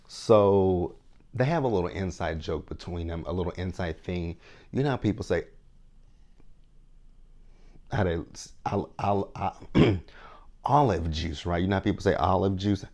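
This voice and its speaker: This TV show reviewer, a man in his thirties, speaks low and a little slowly, with long pauses and a darkish tone. His casual recap is frank and talkative, and he repeatedly turns to his viewers with "right?"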